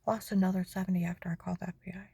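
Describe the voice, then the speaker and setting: Low, gravelly, husky-voiced woman. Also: flat delivery, rapid-fire, mellow, no room sound. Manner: keeps asking "okay?", often drops into whispers. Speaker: storyteller recounting her own experiences. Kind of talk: personal testimony monologue.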